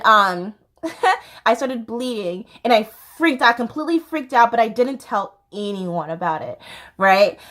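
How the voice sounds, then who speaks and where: A woman's voice: on the high side, fairly bright tone. A young American woman hosting her own vlog, chatting in a bubbly, casual way with frequent laughter and fillers. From United States. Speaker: YouTube host.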